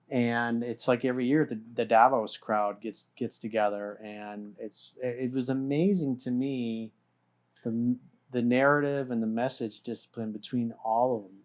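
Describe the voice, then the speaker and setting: A man hosting a casual discussion, talking bluntly and emphatically, swearing freely. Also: medium pitch. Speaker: host.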